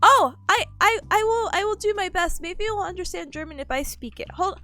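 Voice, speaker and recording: Young female streamer, high and lively, giggly, slightly nasal and worn, faint music underneath. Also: normal speed. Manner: bubbly, giggly, greets chat warmly. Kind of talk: casual live-stream chat.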